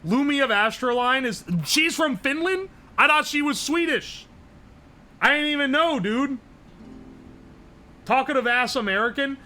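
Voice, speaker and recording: A young man from West Virginia chatting on a livestream, loud, profane and joking, his throat a little sore from yelling. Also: extremely high pitch, measured pace, long pauses, soft background music. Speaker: streamer. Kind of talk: casual livestream chat reading chat.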